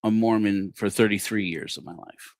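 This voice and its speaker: A man in his forties with a fairly low voice tells a story from his own life, jumping up in pitch when he acts out what people said. The sound is close and dry, with no room around it. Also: moderate pace, no room sound. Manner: animated, acts out dialogue. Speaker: livestream host. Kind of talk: personal storytelling.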